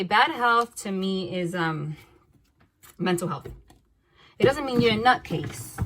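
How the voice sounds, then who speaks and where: A woman doing a casual tarot reading, blunt and animated, swearing freely and laughing between cards. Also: on the low side, a little hiss or hum. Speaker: tarot reader.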